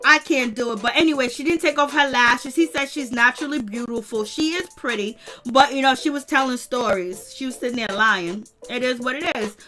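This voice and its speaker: A woman hosting a casual recap show, chatty and animated, often laughing and talking straight to her viewers. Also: sits high, brisk, few pauses, faint music behind. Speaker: host of a reality-show recap channel. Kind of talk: casual commentary.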